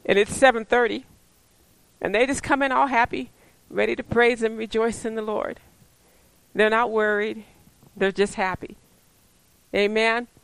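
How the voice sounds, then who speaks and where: A woman preaching a sermon, animated and often laughing, who slips into playful high voices when she quotes people. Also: unhurried, gravelly, long pauses, smooth, rough recording.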